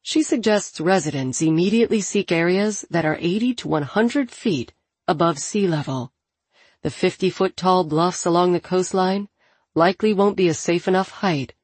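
A woman with a low, husky voice narrates an audiobook at a measured, steady pace. The recording is dry and close, with no room sound or echo.

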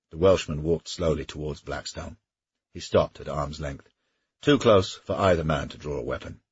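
A man narrating an audiobook in a measured, even storytelling manner, with a husky voice. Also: a bass voice, highs cut off. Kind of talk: scripted narration.

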